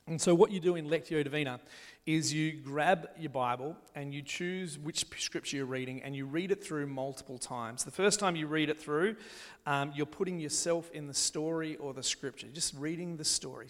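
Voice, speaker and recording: A man preaching a sermon, talking his congregation through scripture reading and reading a psalm slowly and gently. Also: on the high side. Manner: gentle, slows down to read scripture aloud. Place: church hall. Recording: long echo of a large hall.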